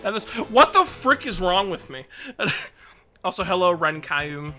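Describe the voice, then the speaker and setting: A woman with a lowish, pushed, bright voice streams a video game, chatting casually and rambling in a very animated yet unhurried way. She's self-deprecating and laughs often, with game music playing behind her.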